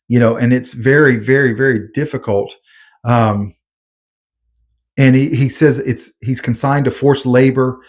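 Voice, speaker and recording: Earnest man explaining scripture casually. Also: mid-range voice. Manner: informal, earnest, many fillers and restarts. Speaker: Bible commentator. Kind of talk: conversational Bible commentary.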